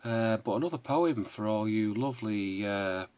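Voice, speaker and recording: A man's voice: lowish voice, animated, normal speed, darkish tone, clear, resonant tone. A man talking to camera as an online seller, rambling off on tangents with frequent hesitations and self-deprecating asides. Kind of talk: casual rambling vlog.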